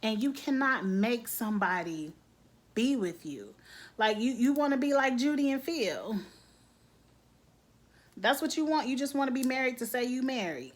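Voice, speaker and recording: Blunt, animated woman recapping a TV episode. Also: a little high, normal speed, long pauses. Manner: animated, blunt, acts out characters' lines; frequent "like", casual slang. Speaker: TV recap vlogger.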